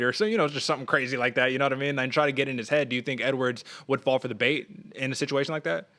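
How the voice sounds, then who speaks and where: A man co-hosting a combat sports podcast, talking casually and animatedly, often putting questions to his co-host. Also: medium pitch. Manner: fast, animated, asks questions, acts out quotes.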